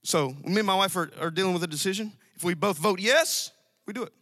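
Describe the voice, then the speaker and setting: A man preaching a sermon to a congregation, emphatic and repetitive, with sudden loud outbursts. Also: sits high, quick pace. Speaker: pastor. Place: church sanctuary. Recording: dry sound with long hall reverb.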